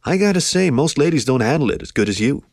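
A man voicing a big, swaggering male dog with a slow, honeyed drawl. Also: medium pitch, expressive, dry recording, clean studio sound, voice pushed up. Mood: smug.

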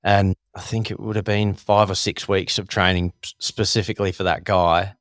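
An Australian man, a former Thai boxer, telling a story in a casual, animated way full of "sort of" and "like". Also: low voice, moderate pace, dry recording, clean studio sound.

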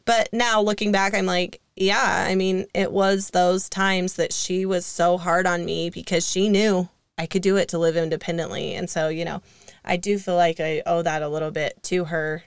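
A woman's voice: medium pitch, fairly even intonation, moderate pace, clear, resonant tone, no echo, clean studio sound. A young woman co-hosting a casual podcast, telling stories in a chatty way with fillers and laughs. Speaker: co-host.

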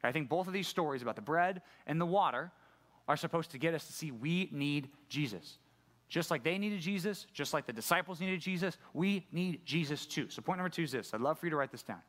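A middle-aged pastor giving a conversational sermon, often putting questions to the congregation. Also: male voice, a little high, animated, fairly quick, a bit bright. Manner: conversational preaching, asks the audience questions.

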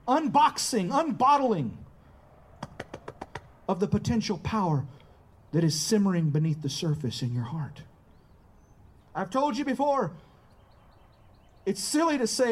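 Guy preaching a sermon, leans hard on key lines, chuckles now and then. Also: extremely high pitch. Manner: emphatic, rising and slowing on key phrases; chuckles between points.

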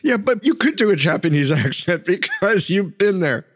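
Relaxed, chatty male podcast host. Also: sits high, normal speed. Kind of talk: conversational interview.

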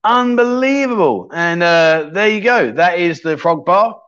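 Reading out viewer comments on his casual livestream chat show, a man chats, jokes, and thinks aloud as he scrolls. His voice is a little high, a bit bright, and smooth, with a measured pace, captured in slightly dull lo-fi audio.

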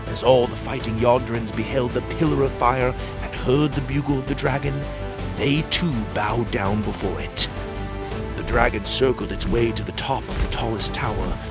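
A man narrating a children's audio story, with expressive storytelling. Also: moderate pace, over loud music. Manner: expressive storytelling with lively pitch.

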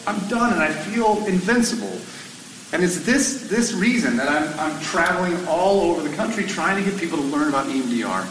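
A man, a firefighter, tells his story to an audience in an animated way, his voice climbing toward a near-shout when he gets exasperated. He sounds distant from the mic. A roomy hall echo surrounds him, with faint background noise. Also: high-pitched, fairly quick.

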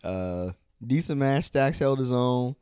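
A man co-hosting a podcast, casually recapping wrestling shows and acting out the wrestlers' lines in quick voices, swearing now and then. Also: medium pitch, lively intonation, darkish tone, clear, resonant tone, no echo, studio quality. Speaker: podcast co-host.

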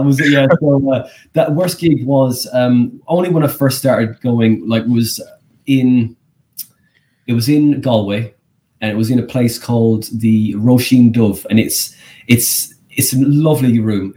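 An Irish man, a comedian and guest, telling rambling, animated stories in a casual podcast interview. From Ireland. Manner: animated, rambling storyteller with pitch leaps.

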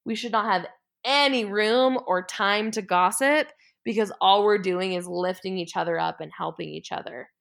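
A woman's voice: mid-range voice, moderate pace, vocal fry, fairly bright tone. A woman hosting a podcast, talking alone in an earnest, heartfelt and emphatic way. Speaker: podcast host. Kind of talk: solo motivational podcast talk.

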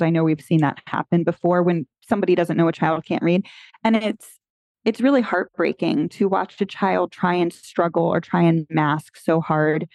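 A woman hosts a podcast chat in a slightly low voice, recorded close and dry on a podcast mic. She affirms her guest often and picks up the thread with her own teacher's view. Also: a little mellow, no echo. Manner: affirming, quick to agree and build on points. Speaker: podcast host and former teacher. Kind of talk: conversational interview.

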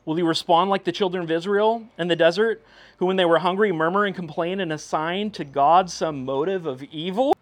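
A male pastor preaching in a slightly higher-than-usual voice. He keeps it conversational and animated, dropping to a hush and then rising again. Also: a little fast. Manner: animated, conversational preaching with swings from hushed to loud. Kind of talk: sermon.

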